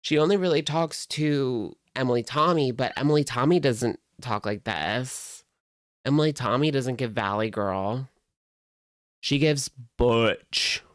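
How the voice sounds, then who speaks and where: Sarcastic, exasperated commentary host with a smooth voice. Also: medium pitch, unhurried, no echo, studio quality. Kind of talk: casual reaction commentary.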